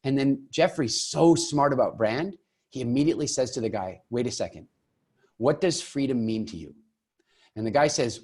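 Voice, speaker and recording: Enthusiastic man giving a persuasive talk. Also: mid-range voice. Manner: enthusiastic storyteller, acting out quoted exchanges. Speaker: program founder giving a masterclass.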